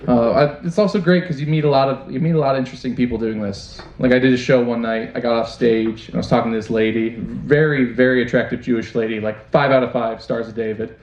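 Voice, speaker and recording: A man's voice: mid-range voice, steady tone, fast, hardly any pauses, darkish tone, slight background noise. A young man doing a stand-up comedy set on a club stage, crude and self-deprecating, talking straight to the crowd. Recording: roomy, dull club recording. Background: audience laughter.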